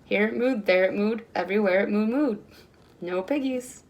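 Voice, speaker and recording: A kindergarten teacher reading a picture book aloud, with expressive storytime delivery and voices for the characters. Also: female voice, medium pitch, moderate pace, slight background noise.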